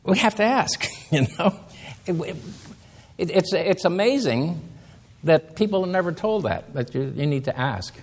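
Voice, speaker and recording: Male preacher, husky, animated sermon delivery. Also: on the high side. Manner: reads scripture slowly, then explains with emphatic rises.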